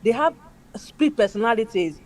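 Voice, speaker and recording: A woman's voice: a little high, animated, normal speed, darkish tone. A woman speaking emphatically in casual chat, mimicking other people's voices as she makes her points. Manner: emphatic, acts out quoted people.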